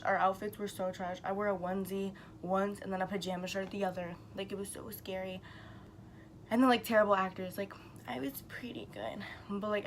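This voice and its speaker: A woman's voice: medium pitch, rough recording. Young woman vlogger, rambling storyteller, mid-range voice, faint hiss behind. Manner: chatty and rambling, heavy use of "like", swears casually. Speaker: YouTuber telling a story. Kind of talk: casual storytime vlog.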